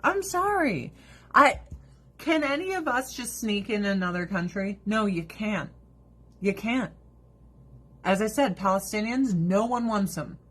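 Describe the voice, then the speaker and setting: A woman's voice: mid-range voice, lively intonation, measured pace, fairly bright tone. A woman chatting casually to camera in a blunt, profane way. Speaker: vlogger. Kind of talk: casual chat.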